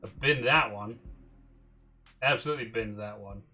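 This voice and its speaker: A man's voice: lowish voice, moderate pace, pushed and bright, soft background music. A man streaming a game, musing aloud in a casual, mildly profane way. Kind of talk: casual livestream commentary.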